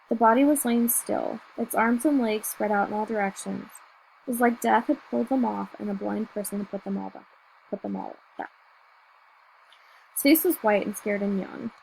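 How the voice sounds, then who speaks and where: Woman audiobook reader, first-person novel, steady and measured, gravelly, fairly high. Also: slight background noise, low-quality recording.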